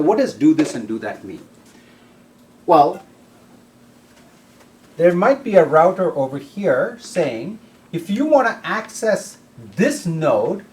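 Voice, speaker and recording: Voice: mid-range voice, darkish tone. A lecturer giving a classroom lecture, often checking in with the students by asking "okay?" and "right?", and restarting sentences mid-thought.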